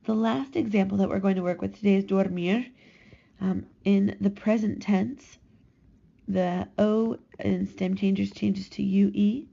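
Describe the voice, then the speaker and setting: A woman explains a grammar lesson at an unhurried pace, stretching out each verb form so it can be copied down. Her voice is heavily gravelly with a dark, mellow tone. The recording sounds slightly dull and lo-fi. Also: mid-range voice, steady tone. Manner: slow, careful, drawn-out modeling of conjugations. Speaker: Spanish teacher.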